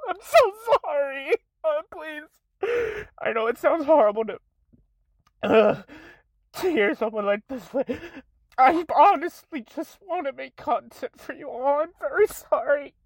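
A young woman making a tearful apology video, close to tears, halting and restarting her sentences as she apologizes again and again. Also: sits high, dry recording. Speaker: content creator.

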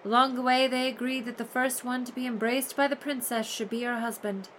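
A woman's voice: a little high, fairly even intonation, brisk, fairly bright tone, a little hiss or hum. A woman reading fairy tales aloud as host, breaking off into sarcastic, mock-exasperated commentary. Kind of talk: comic storytelling reading with running commentary.

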